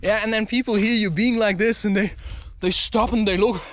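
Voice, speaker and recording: A man vlogging outdoors into the camera, talking in an intense, energetic rant. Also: high voice, moderate pace, a little hiss or hum. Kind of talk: walking vlog talk to camera. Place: outdoors in a park. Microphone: camera mic.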